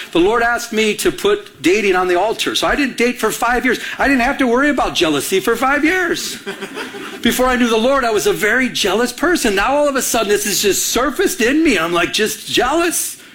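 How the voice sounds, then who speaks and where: Storytelling male pastor, fairly high voice. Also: fairly bright tone. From Michigan. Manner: storytelling, acts out quoted dialogue, conversational. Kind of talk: sermon.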